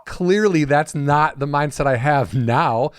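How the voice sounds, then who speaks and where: A man's voice: a little high, unhurried, noisy background. A man hosting a casual podcast, chatting loosely, poking fun at himself and swearing freely. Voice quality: self-deprecating, swears freely. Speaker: podcast host.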